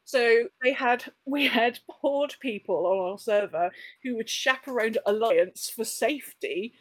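A woman talking casually as a podcast guest, telling a story with plenty of fillers and false starts. Her voice sits a little high. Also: measured pace. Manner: chatty, storytelling with many fillers and restarts. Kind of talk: casual chat.

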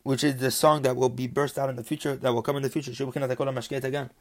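A man's voice: medium pitch, level tone, rapid-fire. Man, Torah teacher, mid-range voice, reads Hebrew then explains, rhythmic repetition. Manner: explains Hebrew terms then translates them; rhythmic, repeats phrases with rising emphasis. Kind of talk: religious text lesson.

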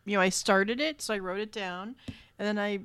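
A woman's voice: medium pitch, steady tone, a little fast, a bit bright, smooth, dry recording. Easygoing woman co-host chatting. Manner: easygoing, reads out lists with hesitant fillers. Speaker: podcast co-host. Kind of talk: casual chat.

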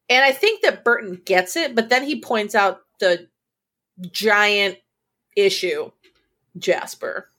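A woman's voice: mid-range voice, lively intonation, slow, long pauses, a bit bright. A woman co-hosting a casual TV recap podcast, retelling scenes through quoted dialogue and swearing casually. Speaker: co-host.

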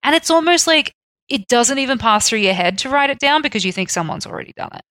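A woman's voice: on the high side, animated, fast talker, a bit bright, dry recording. A woman co-hosting a casual podcast, joking and bantering with her co-host. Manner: jokey, banters and interjects. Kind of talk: casual chat.

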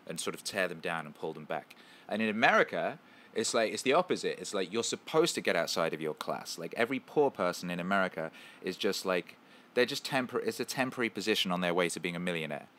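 Playful man hosting a chat stream. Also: sits low. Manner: playful, repetitive riffing and shout-outs. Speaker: show host. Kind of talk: casual livestream chat, reading viewer comments.

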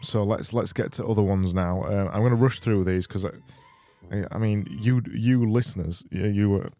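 A lower-voiced man hosting a comedy podcast, deadpan and rambling. He stumbles over words and mocks himself as he goes, with faint music playing underneath. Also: normal speed. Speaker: podcast host.

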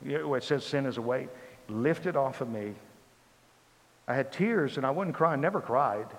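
An older man preaching a testimony sermon, acting out dialogue and swinging from loud bursts to hushed tones. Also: mid-range voice, lively intonation, unhurried. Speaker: pastor. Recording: long hall reverb.

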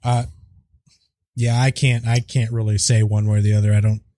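A man's voice: on the low side, little pitch movement, moderate pace, dark tone. A man chatting casually about a film, speaking thoughtfully with frequent hesitations and restarts. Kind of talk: casual chat.

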